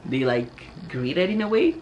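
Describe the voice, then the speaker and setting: A young adult woman vlogger telling a personal story in an animated, chatty way, peppered with "like" and "yo.". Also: lowish voice, measured pace, dull audio, a little hiss or hum. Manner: animated, chatty, heavy use of "like" and "yo". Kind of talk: casual storytelling to camera.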